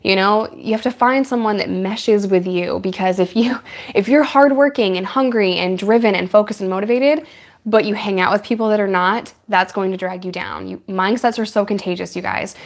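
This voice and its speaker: A woman's voice: mid-range voice, fairly even intonation, moderate pace, gravelly. Chatty woman hosting a livestream. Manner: chatty, laughs often. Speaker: livestream host. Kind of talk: casual live chat with viewers.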